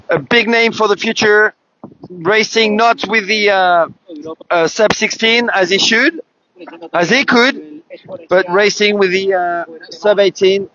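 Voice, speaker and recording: A man giving live race commentary as announcer, excited and chatty, talking straight to viewers with many fillers, outdoors at a beach venue. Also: sits high. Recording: dull livestream sound with clear outdoor noise.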